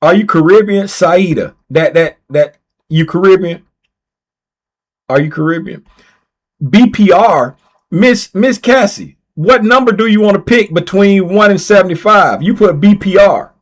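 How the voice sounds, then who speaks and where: High-voiced man hosting a casual livestream. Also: measured pace. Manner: reads viewer names aloud and repeats himself while typing; playful, teasing. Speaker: livestream host running a giveaway.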